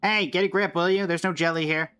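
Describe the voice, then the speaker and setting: A man voicing a tiny, excitable girl companion in a game, reading her lines in a raised, eager voice. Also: high-pitched, a little fast, smooth, voice pushed up. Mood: urging.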